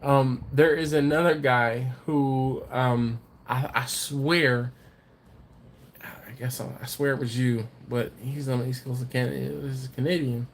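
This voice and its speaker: A man's voice: mid-range voice, level tone, unhurried. A man hosting a casual livestream, rambling and teasing while reading out viewer comments, a little tipsy from drinking. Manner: rambling, laughs often, teasing. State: has been drinking. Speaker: livestream host. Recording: faint background noise.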